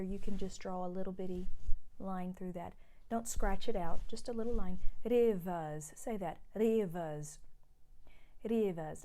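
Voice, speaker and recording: A woman's voice: mid-range voice, mellow. A woman who teaches middle school choir, patiently explaining a song to her students and singing lines for them to echo. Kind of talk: recorded music lesson for students.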